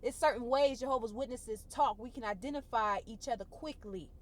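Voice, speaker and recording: Speaking a little fast at a fairly high pitch, a woman vlogger opens up in an emotional personal testimony and struggles to hold back tears. Her phrasing is colloquial and expressive, with repetition used for emphasis.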